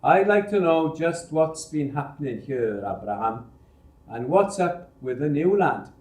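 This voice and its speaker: A man's voice: on the high side, animated, unhurried, darkish tone. A man reading aloud, voicing a stern, sarcastic male foundry foreman who demands answers, recorded with roomy echo. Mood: stern demanding.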